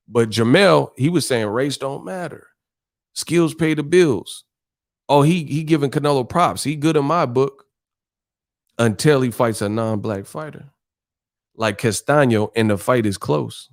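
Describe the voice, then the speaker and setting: A man's voice: medium pitch, moderate pace, vocal fry. A man hosting a boxing live stream, ranting bluntly and combatively with heavy cursing. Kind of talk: casual live-stream rant.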